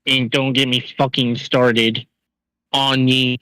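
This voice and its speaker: Bright-voiced man in an angry, profane rant. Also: medium pitch, fairly even intonation, smooth, dry recording, low-quality recording. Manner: angry, profane, rapid ranting. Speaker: co-host.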